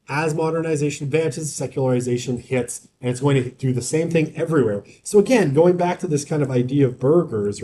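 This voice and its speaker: This lecturer has a warm, mid-range voice and teaches a university class in a relaxed way. He repeatedly checks in with students by asking "right?" and wanders off into jokes.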